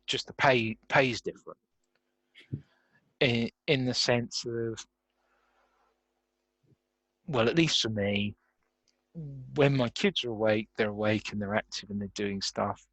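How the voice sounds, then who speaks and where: A man's voice: mid-range voice, gravelly, a bit bright, no echo. Laughing, reflective man, dry sound. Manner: laughs often while talking, reflective. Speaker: guest, career coach. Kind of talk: conversational podcast interview.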